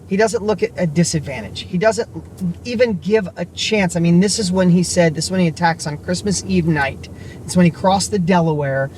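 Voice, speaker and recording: A middle-aged man, a vlogger and business coach, telling a motivational story in an excited, rambling, emphatic way. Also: high-pitched, slight background noise.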